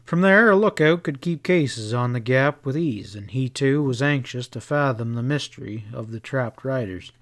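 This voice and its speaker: A man reading a western novel aloud as an audiobook. His voice sits at an ordinary mid pitch. He keeps a steady, dramatic narrating pace. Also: moderate pace, hardly any pauses.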